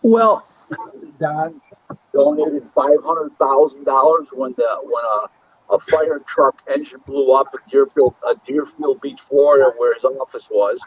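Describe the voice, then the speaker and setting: A man's voice: mid-range voice, unhurried, breathy edge, no room sound. A man from Buffalo, New York, telling stories as a boxing matchmaker in a casual interview, acting out the dialogue as he goes. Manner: animated storyteller who acts out quoted dialogue. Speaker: boxing matchmaker and booking agent. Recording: dull, lo-fi, dry sound.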